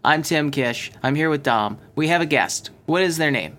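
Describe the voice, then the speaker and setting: A man's voice: fairly high pitch, animated, moderate pace, fairly bright tone. A man hosting a casual movie podcast, rambling and interrupting himself, laughing often. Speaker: podcast host. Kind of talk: casual chat.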